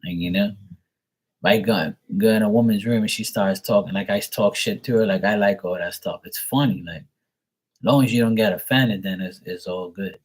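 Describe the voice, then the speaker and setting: A man's voice: fairly low pitch, normal speed, slightly rough. A man giving live tarot readings, talking bluntly and profanely in a casual monologue, acting out others in mocking voices.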